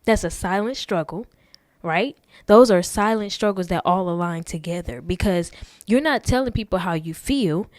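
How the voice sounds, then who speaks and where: A woman's voice: fairly low pitch, normal speed, dry recording, studio quality. A young woman hosting a podcast, talking to listeners in a chatty, earnest way. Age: young adult. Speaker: podcast host. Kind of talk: casual talk.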